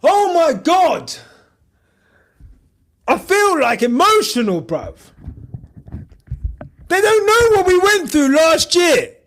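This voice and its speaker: A man hosting a podcast, giving excitable, shouty live reaction commentary and swearing a lot. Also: very high voice, slow pace, long pauses. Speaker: podcast host.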